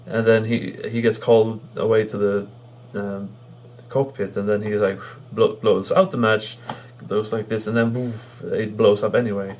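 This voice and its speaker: A man with a lowish voice chatting through a casual movie review. He talks in halting bursts, full of ums and restarts, and chuckles as he recounts the jokes he loves. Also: flat delivery, a little mellow, a little hiss or hum.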